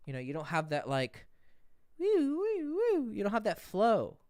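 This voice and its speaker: A man's voice: fairly high pitch, expressive, brisk, dry recording, clean studio sound. A man coaching dating on a livestream Q&A, blunt and profane, swinging his voice up and down to show how rhythm works.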